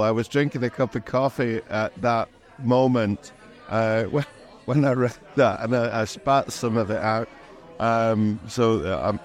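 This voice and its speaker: A man co-hosting a podcast chats casually, sprinkling in many fillers and chuckles. His voice sits on the low side with a darkish tone.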